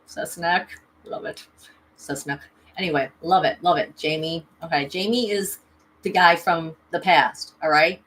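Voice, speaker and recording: A woman with a deep, slightly bright voice talks into a camera at home, with a little background noise, while hosting a spiritual livestream. She tells a personal story in a chatty, profane monologue, regularly checking in with "okay" and "right."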